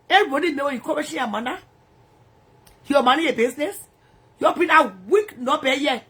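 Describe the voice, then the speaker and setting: Lady going off on a profane rant in her bedroom, high bright voice. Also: expressive, a little fast, pauses often. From Liberia. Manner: angry, profane, repetitive ranting. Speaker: social media personality. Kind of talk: profane ranting livestream.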